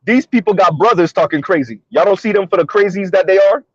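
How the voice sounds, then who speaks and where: A man's voice: high-pitched, fast, breathy edge, no room sound, highs cut off. A man hosting a commentary monologue, pressing his points with repeated rhetorical questions. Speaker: commentary video host.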